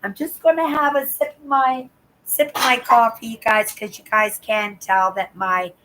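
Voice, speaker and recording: An older woman with a hoarse voice, chatting in a rambling way on her live stream from home and repeating words. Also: fairly high pitch, steady tone, normal speed, a bit bright, a little hiss or hum, rough recording. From Canada. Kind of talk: casual chat. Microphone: laptop.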